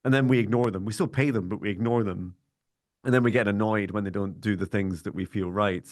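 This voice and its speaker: A man hosting a podcast in a calm, monotone voice, chatting reflectively and then leading a slow guided meditation. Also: on the low side, no echo, studio quality. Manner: calm, reflective, speaks in slow measured phrases when guiding breathing. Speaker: podcast host.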